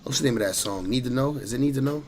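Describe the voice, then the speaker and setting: A man's voice: mid-range voice, rapid-fire, background noise. A man joking loosely as he reacts to a clip and talks to his chat. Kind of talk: casual reaction commentary.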